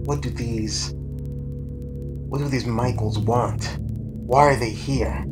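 A man narrating a mock news report, moving from an ominous build-up to lively storytelling. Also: medium pitch, very slow, loud music behind the voice. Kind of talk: scripted mock documentary narration.

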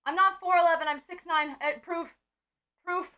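A woman's voice: extremely high pitch, steady tone, moderate pace, pushed and bright. A woman streamer chatting casually with her viewers, playful and teasing, swearing freely and cooing to them in baby talk. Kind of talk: casual live-stream chat.

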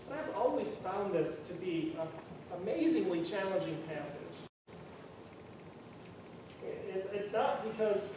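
A man preaching a sermon in a conversational, earnest way, often restarting and saying "you know", in a church. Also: high voice. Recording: very echoey room, far from mic, faint noise.

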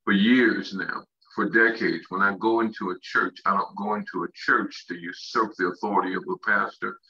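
Bright-voiced preacher man, muffled audio. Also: lowish voice, steady tone, creaky. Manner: reads scripture slowly, then preaches with rising emphasis; calls out to the listeners with questions. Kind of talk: sermon. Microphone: online broadcast of a church conference session.

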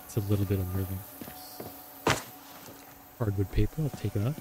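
A man's voice: on the low side, normal speed, over loud music. A man giving casual commentary over a survival game, chatting and musing aloud as he plays. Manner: chatty, muses aloud, reads in-game text. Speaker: gameplay commentator.

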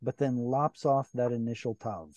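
A man's voice: medium pitch, normal speed, darkish tone, no echo. A man teaching a Bible Hebrew class online, explaining grammar patiently and step by step with questions to his students. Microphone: video call.

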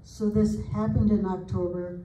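An older woman from the United States reading family recollections aloud in an unhurried, homely way, adding small asides as she goes. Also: medium pitch, level tone, warm tone, a little hiss or hum. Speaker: family historian presenter. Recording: roomy sound from a distant mic.

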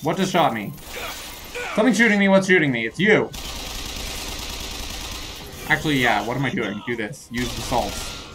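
A man's voice: medium pitch, lively intonation, normal speed, long pauses, over music. A young man playing a video game and commenting as he goes, rambling and flustered, laughing off his own mistakes and scolding enemies in a jokey way. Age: young adult. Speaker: gamer playing through a shooter. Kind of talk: let's play commentary.

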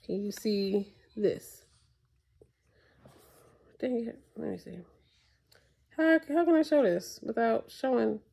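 A woman's voice: on the high side, animated, slow pace, creaky, pauses often, mellow, breathy edge. A young woman vlogging at home into her tablet's mic, chatting to viewers in an exasperated, casual way. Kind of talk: casual chat to camera. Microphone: tablet built-in mic.

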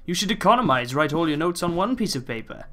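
Joking, cursing game commentator. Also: male voice, on the high side, big pitch swings, fast, bright, forceful tone, a little hiss or hum. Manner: jokey, swearing, talks back to game characters. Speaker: let's play host.

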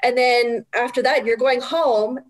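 A middle-aged woman, a guest, telling stories in an animated way and often laughing. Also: a little high, unhurried. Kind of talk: casual interview chat.

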